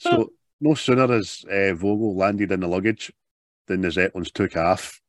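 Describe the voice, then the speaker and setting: A man's voice: deep voice, moderate pace, no echo. A man, chatting casually with a co-host about a film and acting out its scenes. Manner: animated, puts on voices while retelling scenes. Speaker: podcast co-host.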